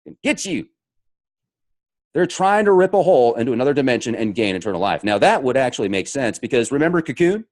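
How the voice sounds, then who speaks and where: A man's voice: mid-range voice, very animated, fast, few pauses, darkish tone. A man hosting his own show, reading out viewer comments and riffing on them in a jokey, mock-dramatic way. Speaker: show host.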